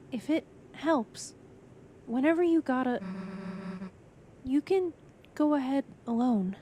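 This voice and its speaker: A woman voicing a tough, blunt monster girl who is gruff but loyal, read aloud from a game. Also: sits high, background noise, pitched above the performer's own voice.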